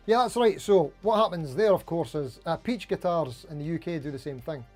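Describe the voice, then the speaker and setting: A man with a fairly high voice hosts a relaxed livestream. He reads viewers' comments aloud and chats back in a friendly, rambling way, and faint music plays softly behind him. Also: brisk. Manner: chatty, friendly, greets viewers by name, frequent "mate" and "anywho". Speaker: livestream host. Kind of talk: casual livestream chat reading comments.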